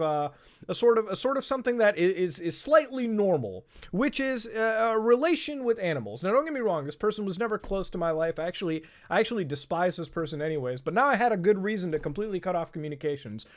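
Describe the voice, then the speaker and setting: A man with a fairly high voice hosts an online commentary. He rants with heat and plenty of swearing, mixing sarcasm into chatty asides aimed right at his viewers. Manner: profane, heated and sarcastic; chatty, addresses viewers directly. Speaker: host.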